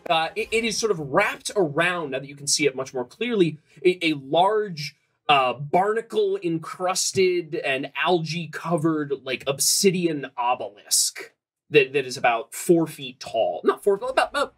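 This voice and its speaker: Husky-voiced woman game master, rambling. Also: low voice, lively intonation, measured pace. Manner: rambling, filler-heavy narration with frequent ums and restarts. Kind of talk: narrating a tabletop game.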